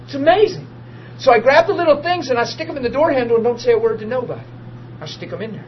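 A man, preaching and telling a personal testimony, swinging from hushed talk to loud tearful laughter. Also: extremely high pitch, fast talker. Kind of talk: testimony storytelling. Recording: dull lo-fi audio with noise.

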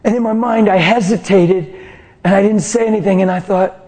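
A middle-aged man preaching a testimony sermon, passionate, swinging from hushed whispers to loud cries. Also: sits high, steady tone, fairly quick.

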